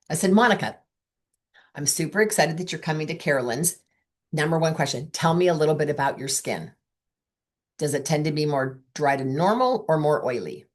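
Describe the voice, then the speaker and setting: Low-voiced woman coaching with chatty stories. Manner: chatty storytelling, quotes both sides of conversations. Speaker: direct sales coach. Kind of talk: training talk with acted-out dialogue.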